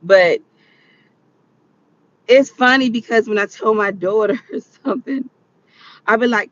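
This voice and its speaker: A woman's voice: on the high side, measured pace, long pauses, a bit bright, muffled recording. A woman in her late thirties telling stories in a casual chat, laughing often and acting out quotes. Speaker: vlogger. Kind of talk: casual storytelling.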